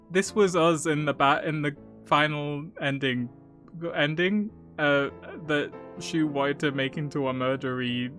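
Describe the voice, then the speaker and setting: A man streaming a visual novel live, joking and laughing often, with quick asides. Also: on the high side, a bit bright. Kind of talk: casual live game commentary.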